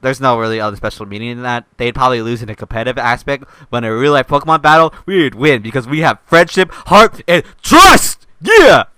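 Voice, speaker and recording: A young man hosting a casual chat, telling stories in an animated, laughing way. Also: medium pitch, rapid-fire, hardly any pauses, clear, resonant tone, dry recording. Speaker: channel host.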